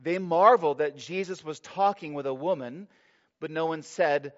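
Emphatic male preacher, lo-fi sound. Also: a little high. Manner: emphatic preaching, stressing key words, slowing for scripture. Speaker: pastor. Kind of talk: sermon. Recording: dull lo-fi sermon recording.

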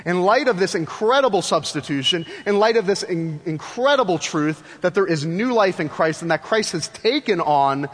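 A male pastor preaching a sermon in an animated way, asking his congregation rhetorical questions and acting out the voices he quotes. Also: high voice, moderate pace, few pauses. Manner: tells stories, acts out quoted voices. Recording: long reverb of a large church hall.

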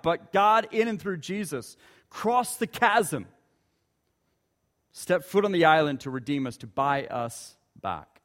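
A man preaching from the pulpit, his voice a touch higher than most men's. He leans hard on key words, slowing and sinking low for weight, and his words ring out through a large, reverberant hall. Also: a bit bright. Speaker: pastor. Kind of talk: sermon.

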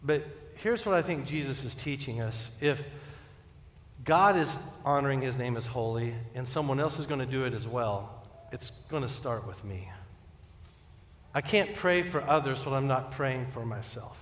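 A man preaching a sermon as pastor, earnest and building to emphatic peaks before dropping soft. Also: medium pitch, lively intonation, moderate pace. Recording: echoey church hall with long reverb.

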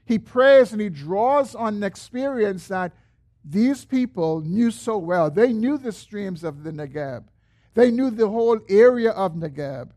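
Earnest in his preaching, the pastor lets his voice climb when quoting a prayer and settle low and slow at the end of each phrase. His tone is a little mellow.

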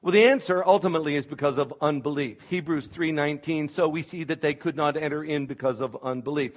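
A pastor delivers a sermon in a church. His voice sits a little high for a man, and he leans hard on key words before dropping into quiet asides. The recording is dull and lo-fi, with the top end cut away. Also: fast talker. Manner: emphatic, swings between loud stresses and quiet asides. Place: church sanctuary. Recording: dull lo-fi sound.

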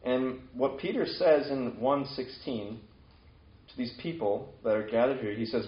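A man's voice: mid-range voice, measured pace. A man preaching a casual sermon, retelling scripture in a conversational way and acting out the quoted lines. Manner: conversational, acts out quoted lines with sudden lifts. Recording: echoey, dull lo-fi room sound.

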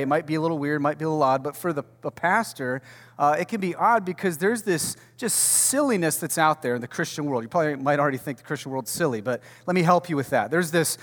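A man preaching a conversational sermon as pastor, swinging from loud to hushed and repeating words as he goes. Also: fairly high pitch. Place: warehouse church hall. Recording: long reverb of a large hall.

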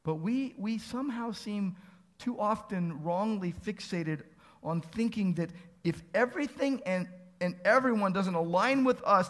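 A man's voice: high-pitched, fairly bright tone. A man preaching a sermon as pastor, earnest, asking pleading rhetorical questions and building to emphatic peaks.

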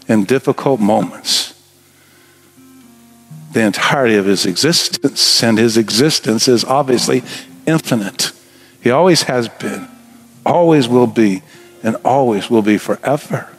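A middle-aged man with a mid-range voice delivers a sermon as pastor in a church sanctuary, his earnest tone rising into emphatic exhortation.

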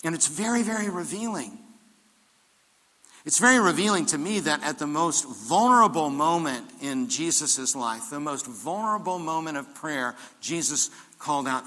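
A man's voice: on the high side, animated, moderate pace, bright, forceful tone, long reverb tail. An older man preaching a sermon as pastor, telling stories and rising into emphatic preaching.

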